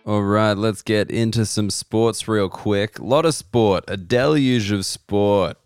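An Australian comedian hosting a podcast, telling rambling self-deprecating stories slowly, his voice hoarse and worn. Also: on the low side, a little mellow, dry recording, faint music behind. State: losing his voice. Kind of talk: casual comedic monologue.

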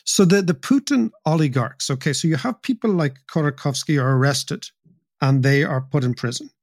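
A man's voice: on the high side, animated, moderate pace, darkish tone, no echo. Probing male interviewer, dry close sound. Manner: probing questions, rephrases while asking. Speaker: podcast host.

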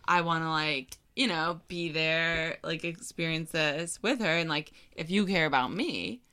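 Brief: woman guest, lower voice, bright and expressive, quotes people playfully. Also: a little slow. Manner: lively, quoting others in funny voices. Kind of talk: casual chat.

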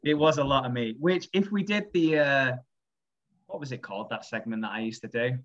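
A man's voice: mid-range voice, brisk, lo-fi sound. A man co-hosting a casual chat, acting out other people's lines in comic voices. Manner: lively, acts out quotes in character voices. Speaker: podcast co-host.

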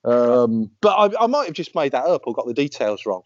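A man's voice: medium pitch, big pitch swings, fairly quick, no room sound. A man hosting an interview who chats casually, hedging and circling around his questions. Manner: chatty and tentative, hedging with fillers. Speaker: interview host. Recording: slightly muffled, dry audio.

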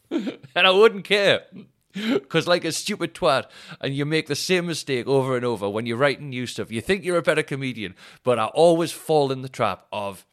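A man's voice: medium pitch, expressive, moderate pace, fairly bright tone. A man, a stand-up comedian and podcast host, telling rambling, sweary stories and laughing at himself. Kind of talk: casual comic storytelling.

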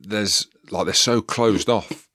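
A man hosting a podcast, a former rugby player chatting in a relaxed, conversational way. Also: fairly low pitch, slow, dry recording, studio quality. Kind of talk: casual chat.

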